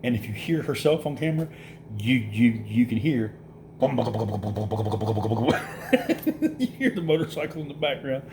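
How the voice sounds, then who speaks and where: A middle-aged man with a drawl tells a story in a relaxed, chatty way. His voice sits at an ordinary middle pitch, and he jumps into the other characters' lines as he goes. A faint hiss runs under the recording. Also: a little fast. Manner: animated storyteller, acts out quoted voices, laughs through it. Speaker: vlogger. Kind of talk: casual storytelling.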